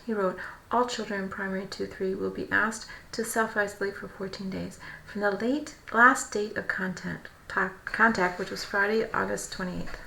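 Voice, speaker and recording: A woman streaming live, reading news aloud haltingly and correcting her own stumbles between casual remarks. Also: medium pitch, gravelly, a bit bright. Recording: roomy echo, faint background noise.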